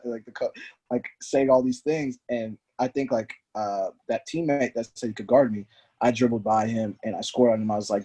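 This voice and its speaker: A man's voice: mid-range voice, brisk, husky. A man, a former pro soccer player, telling stories as a podcast guest and acting out the voices he quotes. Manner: animated, acts out quoted voices. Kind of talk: storytelling in conversation.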